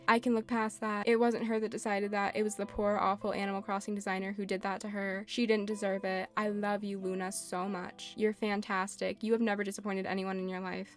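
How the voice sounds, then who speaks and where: A woman vlogger chatting casually about video-game characters, ranting animatedly and swearing often. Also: medium pitch.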